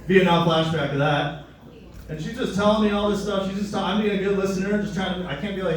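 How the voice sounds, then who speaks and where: Young male stand-up comedian, crude and rambling, a touch high, live in a very echoey club with the mic a little distant. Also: a little fast. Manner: crude, rambling, jumps to loud high voices for quoted people.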